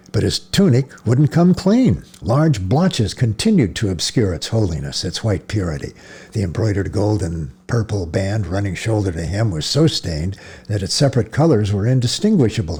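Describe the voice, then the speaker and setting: A man reading a novel aloud as narrator, measured, with occasional slips and restarts. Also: lowish voice, darkish tone, husky. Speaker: audiobook narrator.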